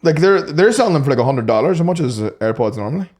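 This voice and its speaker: A man's voice: a little high, expressive, darkish tone, husky. A young Northern Irish man co-hosting a podcast, telling sweary anecdotes in casual chat. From Northern Ireland. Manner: swears freely, quick anecdotal storytelling. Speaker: podcast co-host.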